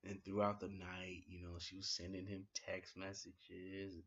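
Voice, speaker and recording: A man giving a casual spoken review of a wrestling show, retelling it in an excitable, slangy way with plenty of fillers. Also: sits low, unhurried, husky, highs cut off.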